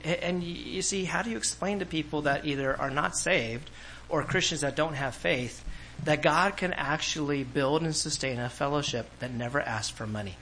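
A man from California, a pastor, preaching a sermon and telling personal stories in an animated way, often laughing. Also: fairly high pitch, normal speed, slight background noise, poor audio. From Orange County, California.

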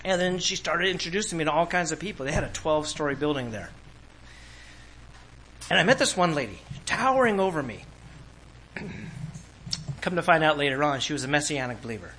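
A man from California, a pastor, preaching a sermon and telling personal stories in an animated way, often laughing. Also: a little high, moderate pace, pauses often, a little hiss or hum, poor audio. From Orange County, California.

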